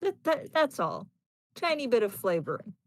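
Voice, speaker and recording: A woman playing in a tabletop game over voice chat, speaking softly and unhurriedly. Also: a little high, sing-song, moderate pace, dry recording. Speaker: player.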